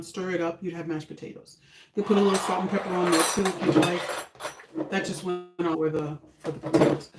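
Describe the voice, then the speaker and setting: An older woman chatting casually on a home cooking live stream, homey and relaxed, talking while she eats. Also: fairly low pitch, roomy sound, heavy background noise. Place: home kitchen.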